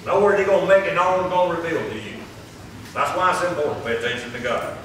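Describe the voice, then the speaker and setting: A man preaching a sermon, emphatic and repeating his points, slowing down to read scripture. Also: a little high, fairly bright tone, a little hiss or hum. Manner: emphatic, repeats lines, reads scripture slowly. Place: church. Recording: echoey church room, distant mic.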